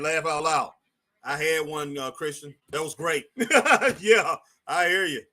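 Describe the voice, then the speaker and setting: Guy hosting a chill stream, talks to chat, says stuff twice, kinda high pitched. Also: takes it slowly, pauses often, pushed and bright. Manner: chatty, repeats phrases, talks to chat viewers. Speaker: live stream host. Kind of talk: casual live wrestling chat.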